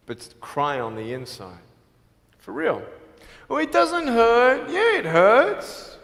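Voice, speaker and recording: Motivational speaker man in a reverberant hall. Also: high voice. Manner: storytelling with humor, swings loud and soft. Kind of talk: motivational speech to students.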